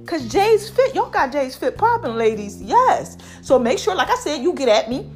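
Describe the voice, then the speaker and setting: Lively, chatty woman, slightly allergy-deepened voice. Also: moderate pace, soft background music. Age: middle-aged. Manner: animated, chatty, repeats catchphrases, laughs often. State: voice a bit deep from allergies. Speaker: online personality talking to followers. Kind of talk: casual motivational vlog chat.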